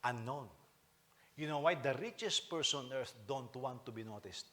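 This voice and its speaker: A middle-aged senior pastor preaches a sermon in a mid-range voice at a normal speed. He's animated, joking with the congregation and frequently repeating and restarting his phrases.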